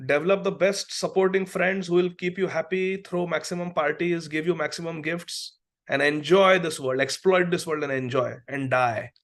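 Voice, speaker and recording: A middle-aged man, a preacher who is also a doctor, giving a devotional class lecture in an earnest, storytelling way. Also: high-pitched. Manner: earnest, storytelling with acted quotes. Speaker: preacher and physician.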